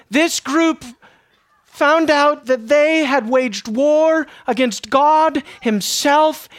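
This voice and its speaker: A woman preaching a sermon with passion, dropping to a hush and then rising loud, at times out of breath. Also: sits high, no room sound. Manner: impassioned, swings from hushed to loud.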